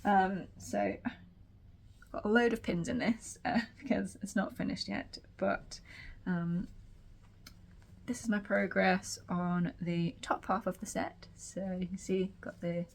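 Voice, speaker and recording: A woman vlogging casually from her sewing room, a little croaky and tired, rambling chattily with many fillers. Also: mid-range voice, steady tone, takes it slowly. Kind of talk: casual chat to camera.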